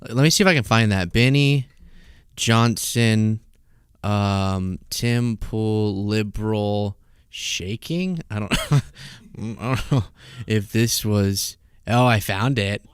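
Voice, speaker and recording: A man's voice: slow, clean tone, no echo, clean studio sound. A man hosting a casual political commentary show, laughing and mocking as he reacts to clips. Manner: animated, laughing, mocking, high-pitched impressions. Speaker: host. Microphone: studio mic.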